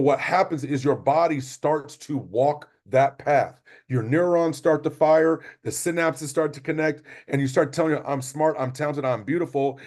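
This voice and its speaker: A man's voice: on the high side, a little mellow. A middle-aged man, a basketball coach, giving an emphatic motivational talk to sports parents. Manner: repetitive, emphatic motivational delivery. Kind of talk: parent training presentation.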